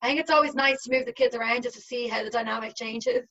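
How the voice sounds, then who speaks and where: A woman's voice: fairly high pitch, fast talker, fairly bright tone. A young woman in her twenties talking casually as a guest, full of fillers. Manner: chatty, uses many fillers. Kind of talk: casual conversation. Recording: slightly dull lo-fi sound.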